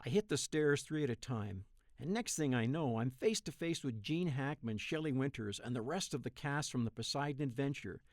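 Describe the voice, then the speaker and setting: A man in his thirties narrating a first-person dream story in a wry, profane, deadpan way. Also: mid-range voice, normal speed, no echo, clean studio sound. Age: 30s.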